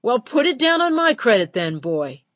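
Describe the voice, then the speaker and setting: A woman's voice: on the low side, expressive, brisk, no echo. A woman voicing a stubborn older male sea captain who hollers his commands. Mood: hollering.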